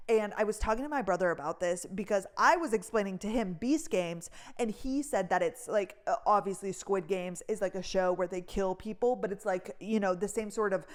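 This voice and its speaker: A woman's voice: mid-range voice, a little fast, hardly any pauses. A young woman from North Dakota chatting casually in a rambling voice-memo style, filling her talk with "like". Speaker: vlogger.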